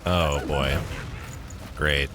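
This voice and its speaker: A man's voice: a bass voice, steady tone, extremely slow, noisy background. A young man streaming a game live, chatting with his viewers, swearing often and joking sarcastically.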